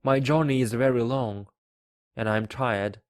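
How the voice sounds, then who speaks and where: A man reading the part of a tired, curious boy prince in a storybook, speaking a little softer and asking questions. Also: mid-range voice, steady tone, unhurried, no echo, clean studio sound, close to an everyday voice.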